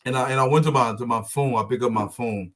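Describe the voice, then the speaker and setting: Guy hosting a live show, shouting out viewers one by one, loose and rambly, lots of uhs, mid-pitched voice. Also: fast. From Liberia. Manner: friendly, rambling, many fillers and restarts. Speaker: show host. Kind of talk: casual live show, greeting viewers by name.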